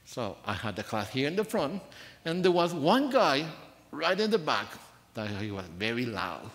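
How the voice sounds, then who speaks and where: Soft-spoken preacher in a reverberant church. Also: male voice, medium pitch, sing-song, normal speed. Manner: soft-spoken, earnest storytelling with rising emphasis. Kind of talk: sermon. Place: church sanctuary.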